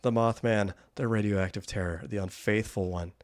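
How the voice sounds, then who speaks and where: A man's voice: on the low side, steady tone, moderate pace. A man giving casual, wry gameplay commentary, rambling and often laughing. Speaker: gaming YouTuber.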